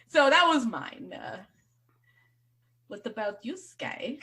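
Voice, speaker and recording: A woman's voice: fairly high pitch, slow pace. A woman from Canada co-hosting a podcast, chatting animatedly and playfully. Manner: animated, laughs easily, playful. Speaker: podcast co-host. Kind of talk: casual chat.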